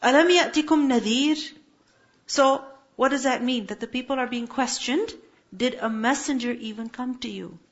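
A high-voiced woman gives a religious lesson on Quranic verses, breaking down each Arabic word step by step and pressing her points with rhetorical questions. Her tone is steady and her pace moderate, though the recording is a little muffled and lo-fi.

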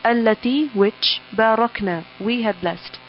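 Woman teaching a word-by-word Quran translation. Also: fairly high pitch. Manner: reads a word, then gives its English meaning, in short measured phrases. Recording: dull audio with faint mains hum.

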